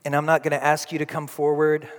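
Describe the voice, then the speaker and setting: A male pastor preaching a dramatic sermon, moving from forceful declarations to hushed, slow, emphatic repetitions. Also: fairly high pitch, monotone. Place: church sanctuary. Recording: long reverb of a church hall.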